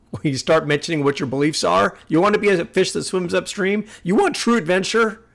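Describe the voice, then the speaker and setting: A man with a high, gravelly voice speaks at a moderate pace while hosting a music reaction video. His casual commentary is earnest and repetitive, almost like a sermon.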